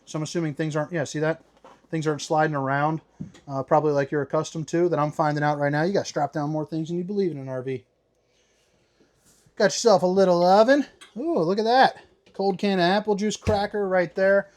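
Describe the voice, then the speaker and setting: A man's voice: a little high, fairly even intonation, fast. Upbeat slangy man giving a tour. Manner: upbeat, playful, slangy, calls viewers baby. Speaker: RV tour host. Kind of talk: casual walkthrough tour. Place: inside a travel trailer.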